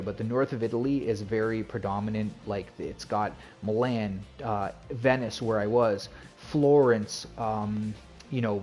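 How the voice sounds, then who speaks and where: A man's voice: on the low side, a little mellow. A man streaming and chatting casually to viewers, telling a rambling story with restarts and laughs. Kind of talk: casual chat.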